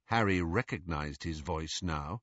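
A man reading a novel aloud as an audiobook narrator, with an expressive delivery. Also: low voice, unhurried, no echo, lo-fi sound.

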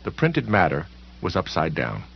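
A man reading a novel aloud as a narrator, in a measured, expressive way. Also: low voice, gravelly, husky. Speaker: audiobook narrator. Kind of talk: scripted narration. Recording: dull lo-fi recording.

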